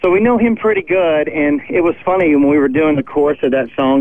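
A man, a touring musician, chatting in a phone interview from backstage, animated and quick to laugh. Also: a little high. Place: backstage at a concert venue. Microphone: mobile phone. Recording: tinny phone line, faint noise.

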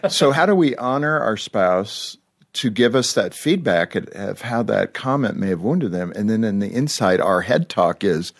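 Lively low-voiced male host. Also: moderate pace. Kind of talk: conversational interview.

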